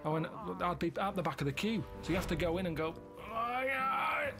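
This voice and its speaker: A man telling rambling deadpan anecdotes in casual comedic chat. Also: on the high side, rapid-fire, music in the background. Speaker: podcast regular.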